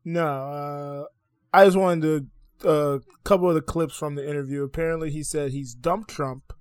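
A man's voice: on the high side, fairly even intonation, moderate pace, no echo, clean studio sound. A man in his twenties, co-host of a podcast, talking candidly in casual banter with fillers and easy laughter. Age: 20s.

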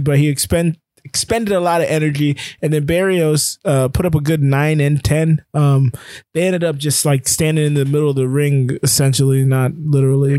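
A man co-hosts a sports podcast in loose, rambling chat, full of fillers and restarts. His voice is mellow and a little higher than most men's. The sound is dry and close. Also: no room sound. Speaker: podcast co-host.

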